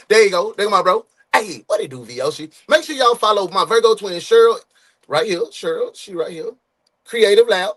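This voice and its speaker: Man, livestream host, casual chat, high pitch, very animated, loose slang, greeting viewers. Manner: animated, shouting out viewers by name; loose slangy street talk, quick and playful.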